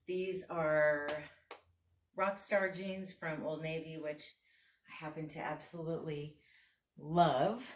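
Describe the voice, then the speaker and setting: Low-voiced chatty woman vlogger. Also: steady tone, slow, a little hiss or hum. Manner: chatty and enthusiastic, laughs often. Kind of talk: casual thrift haul and try-on chat.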